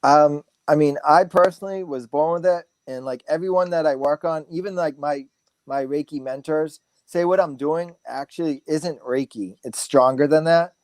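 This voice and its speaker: A man in his forties, a guest speaker, telling stories in a relaxed, rambling way full of fillers and restarts. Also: on the high side, moderate pace, dry recording. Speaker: guest speaker, massage therapist. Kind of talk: casual storytelling interview.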